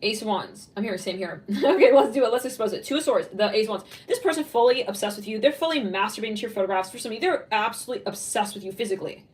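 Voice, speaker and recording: A woman's voice: fairly high pitch, fast talker, few pauses, darkish tone, far from the mic, poor audio. Blunt, rambling woman reading tarot. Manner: blunt, swearing, rambling channeled speech. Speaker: tarot reader.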